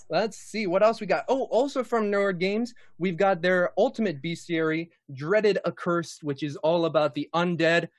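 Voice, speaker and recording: A man's voice: sits high, measured pace, no echo, studio quality. A man hosting and running a tabletop game stream in a casual, jokey, playful way. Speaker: dungeon master and host. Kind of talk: casual live-stream chat.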